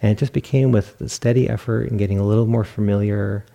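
A man giving a relaxed, reflective dharma talk as a meditation teacher, telling stories with self-amused laughs. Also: fairly low pitch, fast talker, gravelly. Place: meditation hall.

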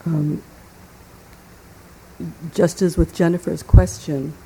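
A woman leading a meditation group's question session, answering slowly and calmly. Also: lowish voice, vocal fry, a little hiss or hum, poor audio. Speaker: meditation teacher. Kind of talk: dharma talk and inquiry.

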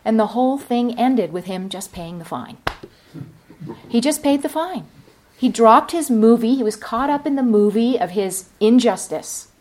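A woman's voice: a little high, lively intonation, normal speed, a little mellow, slight background noise. A woman meditation teacher giving a dharma talk at a retreat center, reflective and telling a story. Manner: reflective, storytelling, many fillers.

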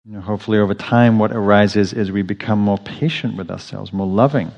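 A man giving a dharma talk as a meditation teacher in a meditation hall, speaking gently and reflectively, often restarting his phrases. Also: fairly low pitch, a little fast, vocal fry. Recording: dull audio with long hall reverb.

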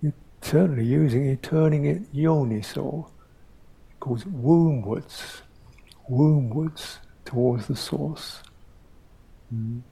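An older man giving a reflective dharma talk as a meditation teacher, pausing often and humming between thoughts. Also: on the high side, vocal fry, breathy edge, low-quality recording. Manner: slow, reflective, with pauses and soft hums.

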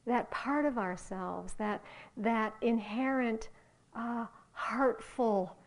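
A woman meditation teacher giving a dharma talk, gentle and halting, dropping into soft whispers on some phrases. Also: fairly high pitch. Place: meditation hall.

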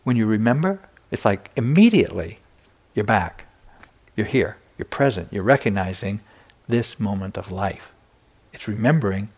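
A man's voice: on the low side, lively intonation, moderate pace, a little mellow. An older man giving a meditation dharma talk, telling personal stories candidly with self-deprecating humor. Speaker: meditation teacher.

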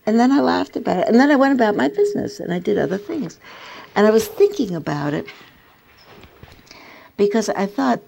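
Older woman, meditation teacher; low, gravelly, gentle reflective storyteller. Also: background noise. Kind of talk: dharma talk to a group.

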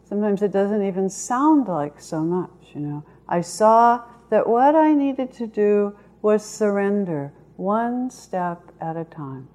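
A woman meditation teacher giving a dharma talk, speaking slowly and in a measured way, with long pauses. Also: mid-range voice, animated, dark tone.

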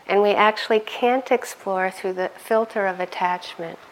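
A middle-aged woman giving a conversational dharma talk as a meditation teacher, laughing often and growing animated in her stories. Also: mid-range voice, moderate pace, a little hiss or hum.

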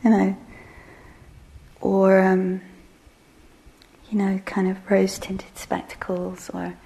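A middle-aged woman giving a relaxed meditation talk, soft-spoken and self-deprecating with frequent laughter. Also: medium pitch, takes it slowly, gravelly. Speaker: meditation teacher.

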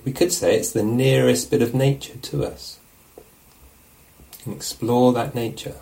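A man teaching meditation in a relaxed, conversational dharma talk, often checking in with his listeners. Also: medium pitch, measured pace, creaky.

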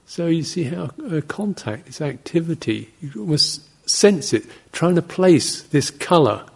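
A man, a Buddhist monk, giving an informal dharma talk in a rambling, anecdotal way, breaking into soft laughs and short acted-out exclamations. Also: fairly high pitch, animated, a little slow, gravelly, slightly rough. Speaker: Buddhist monk teaching meditation.

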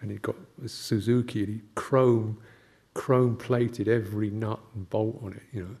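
An older man, a Buddhist monk, giving a gentle, halting reflective talk with anecdotes and soft laughs. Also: lowish voice, steady tone, gravelly, breathy edge.

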